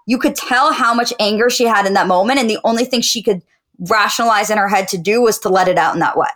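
A woman's voice: medium pitch, fast talker, fairly bright tone. A woman co-hosting a podcast in casual chat, talking earnestly with plenty of "like" fillers. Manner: earnest, chatty, many "like" fillers. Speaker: podcast co-host.

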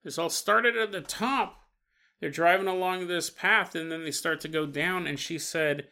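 A man hosting a podcast, retelling a story in a casual, animated way and acting out the people he quotes. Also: a little high, normal speed, vocal fry. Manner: animated, acts out quotes with playful voices. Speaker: podcast host.

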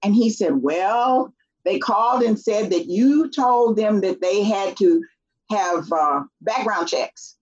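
A middle-aged woman tells a story in a relaxed interview and slips into the voices of the people she quotes. Her voice is a little husky, and the recording sounds dull and lo-fi. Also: mid-range voice, slow. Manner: animated, acts out quoted voices. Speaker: guest.

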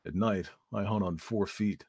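A man voicing a strange wild teenage boy who speaks slowly and quietly, relishing his words with lazy menace. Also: fairly low pitch, breathy edge, no room sound, clean studio sound.

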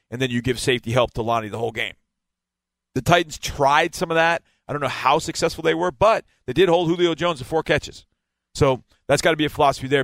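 A man's voice: mid-range voice, a bit bright, no room sound. A man giving a casual football breakdown, explaining and stressing key words again and again. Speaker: football analyst.

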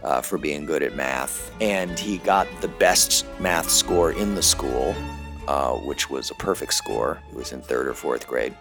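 A middle-aged man speaks plainly and proudly in a casual interview. His voice is very deep, with music clearly audible underneath. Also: a little slow. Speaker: interviewee, father.

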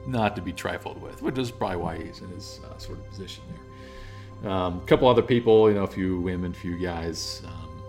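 Low-voiced guy running a tabletop game, laid back, lots of ums. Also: brisk, darkish tone, faint music behind. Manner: easygoing, hesitant, laughs at own jokes. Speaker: game master.

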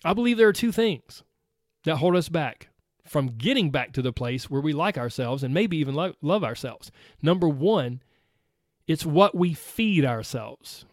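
A man's voice: on the high side, animated, normal speed, dry recording, clean studio sound. A man hosting a motivational podcast, talking earnestly and acting out his listeners' objections. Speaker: podcast host.

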